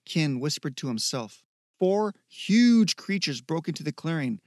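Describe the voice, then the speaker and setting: A man narrating an audiobook in a steady, measured reading. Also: a little high, no room sound, clean studio sound.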